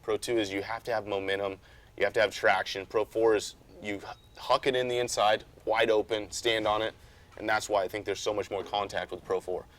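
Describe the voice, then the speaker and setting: A man talking casually as a guest about racing, easygoing and rambling, getting animated when he retells a story. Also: on the low side, a little fast. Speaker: off-road truck racer, guest. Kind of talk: casual chat.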